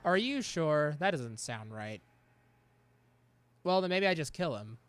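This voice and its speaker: A man's voice: on the high side, expressive, measured pace. A man giving casual gameplay commentary, chatty and laughing often, talking back at the game. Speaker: gameplay streamer.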